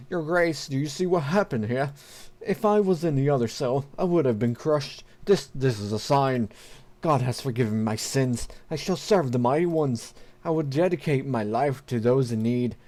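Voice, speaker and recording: A man's voice: medium pitch, animated, moderate pace, a little mellow, natural voice. A man voicing a sly male prisoner pleading piously to be released. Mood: wheedling. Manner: wheedling, mock-pious. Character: sly male prisoner feigning religious conversion.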